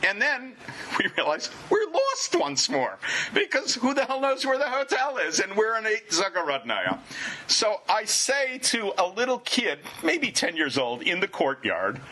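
A man telling a personal travel anecdote to listeners in an animated, wry, self-deprecating way. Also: sits high, unhurried. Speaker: storyteller.

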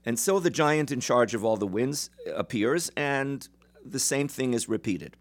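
A man lecturing as he retells a traditional folk tale in a measured way, with some fillers. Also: medium pitch, lively intonation. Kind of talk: storytelling lecture.

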